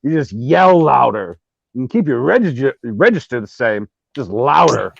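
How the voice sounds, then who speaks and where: A baritone man from the American Midwest, co-hosting a livestream in casual, teasing chat and slipping into impressions. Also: sing-song, moderate pace, gravelly, no echo, muffled recording. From Midwestern United States. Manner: teasing, joking, slips into impressions. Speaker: stream co-host.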